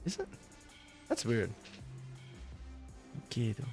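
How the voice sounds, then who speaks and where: This man co-streams an esports match, chatting casually, rambling, and correcting himself as he goes, with frequent chuckles. His mid-range voice is expressive, a little fast, and creaky, with faint music in the background.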